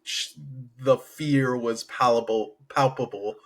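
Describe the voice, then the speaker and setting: A man co-hosting a podcast, talking in a relaxed, joking way and often laughing at his own stories. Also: mid-range voice, unhurried. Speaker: podcast co-host. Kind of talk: casual chat.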